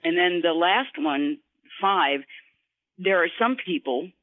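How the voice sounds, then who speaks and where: A woman guest voice actor in an interview, explaining voice technique in an instructive way and slipping into quick voice demonstrations. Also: fairly low pitch, expressive, no echo. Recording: tinny phone line.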